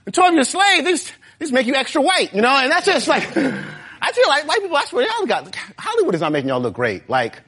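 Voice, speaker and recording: A man doing a stand-up comedy set on stage, talking straight to the audience in a lively, animated way. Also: very high voice, quick pace. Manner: animated, talks straight to the crowd. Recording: live show with crowd noise.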